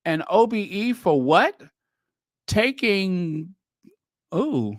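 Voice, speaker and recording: A man's voice: high-pitched, big pitch swings, measured pace, dry recording, clean studio sound. A man from the United States hosting a channel, giving chatty, teasing commentary on news clips with laughing asides. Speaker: channel host.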